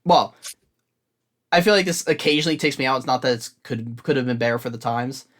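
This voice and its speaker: A man's voice: mid-range voice, a little fast, fairly bright tone. Rambling young man, casual podcast chat. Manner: rambling, reads out a long list while looking things up. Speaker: podcast co-host.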